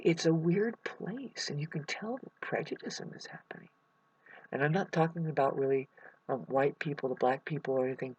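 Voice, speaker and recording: A woman vlogging about a hard time, rambling and halting, often repeating words, close to tears. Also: lowish voice, slightly rough. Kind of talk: emotional personal vlog. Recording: dull lo-fi recording.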